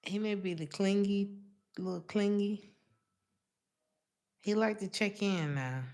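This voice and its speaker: A woman's voice: medium pitch, slow pace, a little mellow. A woman giving a live-streamed tarot reading in a casual, chatty way, calling the viewer honey. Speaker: tarot reader.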